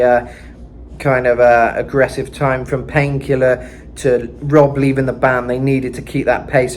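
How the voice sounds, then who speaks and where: A man's voice: mid-range voice, a little hiss or hum. A man giving a casual singing lesson, explaining in a loose, rambling way with lots of fillers. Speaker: vocal coach.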